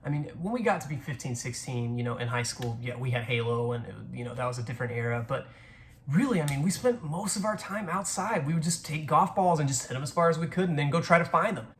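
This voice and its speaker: A Southern American man in his twenties rambles through casual stories, swearing often and restarting a lot. His voice is on the high side, expressive and quick, with a fairly bright tone and slight background noise.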